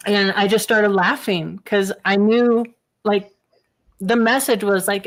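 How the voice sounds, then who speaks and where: Animated woman telling her own stories. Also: mid-range voice, slow pace. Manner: animated storyteller, laughs often. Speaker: guest. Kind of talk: casual interview talk.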